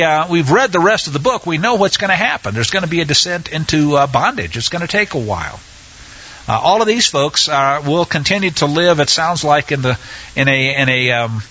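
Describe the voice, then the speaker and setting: A man teaching a Bible study in a conversational way, often pausing with fillers and restarting his sentences. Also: fairly high pitch, bright, forceful tone, husky, lo-fi sound.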